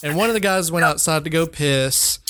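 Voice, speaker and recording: A man's voice: fairly high pitch, normal speed, pushed and bright, no echo, studio quality. A man co-hosting a casual movie-review podcast, recapping the plot with fillers and the odd swear word. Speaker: podcast co-host.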